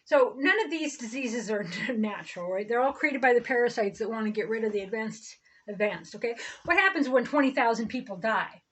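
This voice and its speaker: High-voiced woman on a sarcastic spiritual ramble. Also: expressive, a little fast, a bit bright, husky, low-quality recording. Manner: sarcastic, digressive, self-interrupting. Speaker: reverend, online host.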